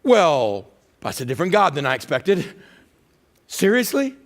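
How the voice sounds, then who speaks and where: A male pastor in middle age, preaching with a fairly high voice. He tells the story in an animated way, often jumping into loud complaining voices and then dropping to a soft, low tone. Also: normal speed, vocal fry. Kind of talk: sermon.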